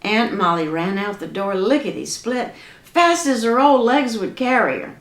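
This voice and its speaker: A woman telling a folk tale in a lively, dramatic, folksy way. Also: mid-range voice, moderate pace. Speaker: storyteller. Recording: echoey room.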